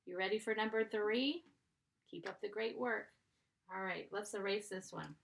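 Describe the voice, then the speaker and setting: A woman's voice: mid-range voice, normal speed, creaky, a little hiss or hum. A woman teaching a first grade class, dictating sentences and patiently sounding out letters and blends.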